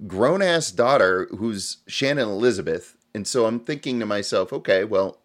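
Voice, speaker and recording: A man's voice: fairly low pitch, normal speed. A man co-hosting a podcast, chatting casually about a movie, laughing often and acting out scenes. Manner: animated, laughs often, acts out quotes from scenes. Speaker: podcast co-host reviewing a film. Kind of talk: casual chat.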